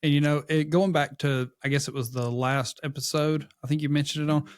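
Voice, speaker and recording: A man's voice: a little high, steady tone, brisk, clean tone, no echo, clean studio sound. A man co-hosting a church podcast, speaking reflectively about fatherhood in a casual conversation. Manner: reflective, supportive interjections. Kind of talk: casual faith discussion.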